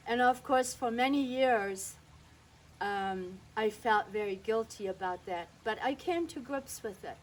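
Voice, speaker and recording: A woman's voice: fairly high pitch, a little slow, poor audio. A woman from northern Germany, telling a reflective personal story and recounting remembered dialogue.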